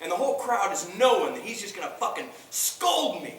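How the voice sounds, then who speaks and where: A man, telling animated, profane stories at a convention panel, stammering and restarting as he goes. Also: high-pitched, a little fast. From Texas. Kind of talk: profane anecdotal storytelling. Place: large convention hall. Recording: roomy hall, voice from far off.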